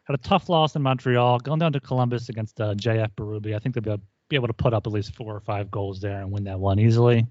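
A man's voice: lowish voice, quick pace, hardly any pauses, a little mellow, no room sound. A man co-hosting a sports betting podcast in an easygoing, hedging way. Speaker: podcast co-host. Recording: dry dull lo-fi audio.

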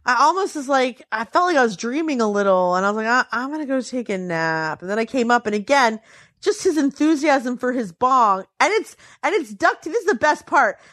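A woman's voice: a little fast, no room sound, clean studio sound. A tired woman telling a story in casual chat, acting out quotes with big swings in her voice. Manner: animated, acts out quotes with pitch swings.

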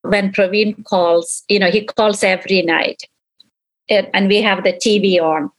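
A middle-aged woman in an interview, recounting a painful memory in halting speech that repeats itself and acts out past conversations. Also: medium pitch, steady tone, poor audio. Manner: halting, repeats herself, relives quoted dialogue. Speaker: interviewee, mother of victim.

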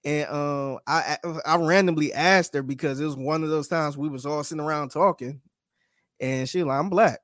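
A man's voice: fairly high pitch, fairly even intonation, moderate pace, a bit bright, no room sound. Chatty laughing man, dry close sound. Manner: chatty storyteller, laughs often, casual slang. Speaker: podcast co-host. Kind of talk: casual podcast chat.

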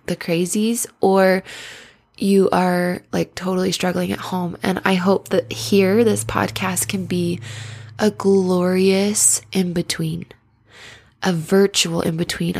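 A woman's voice: mid-range voice, gravelly, darkish tone. A woman in her thirties hosting a casual podcast as a life coach, bubbly and chatty, laughing often, with a stuffy nose. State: stuffy nose from sinus blockage.

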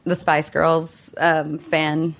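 A woman in her fifties chatting candidly as a guest musician. Her voice sits a little low, and she laughs easily between frank remarks. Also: flat delivery, drawn-out words, creaky. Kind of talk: casual interview chat.

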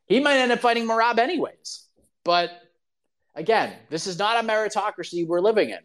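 Animated opinionated male show host. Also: sits high, brisk. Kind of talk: casual talk show chat.

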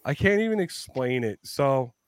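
A man hosting a podcast, telling stories in a lively, profane way and often laughing. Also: mid-range voice, moderate pace, smooth, no room sound. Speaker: podcast host. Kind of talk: casual storytelling chat.

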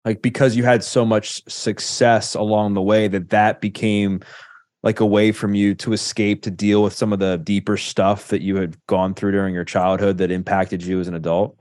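A man's voice: lowish voice, level tone, moderate pace, darkish tone, dry recording, clean studio sound. A young man hosting a podcast, asking earnest, rambling questions full of fillers. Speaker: podcast host. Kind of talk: interview questions.

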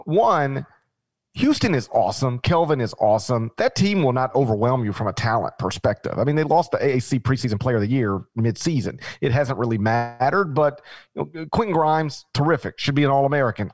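Animated Memphis-accented man talking sports. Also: mid-range voice, dry recording. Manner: animated, rambling with restarts. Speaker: podcast co-host. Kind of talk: casual sports chat.

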